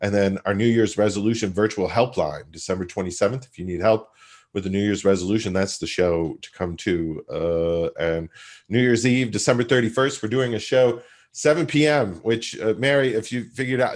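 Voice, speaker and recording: Low-voiced man hosting a comedy stream. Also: normal speed. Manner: rambling announcements full of fillers. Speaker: comedy show host.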